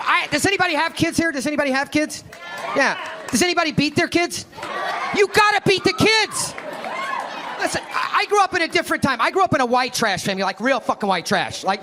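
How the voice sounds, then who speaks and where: On a comedy club stage, a male stand-up with an extremely high, expressive voice talks fast through a brash, profane set while working the crowd. The live recording carries audience laughter and room noise.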